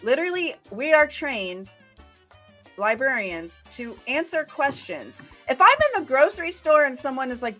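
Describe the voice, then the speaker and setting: A woman librarian co-hosting a casual livestream, chatty and quick to laugh, asking viewers questions. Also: sits high, expressive, bright, forceful tone, faint music behind. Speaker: librarian co-host.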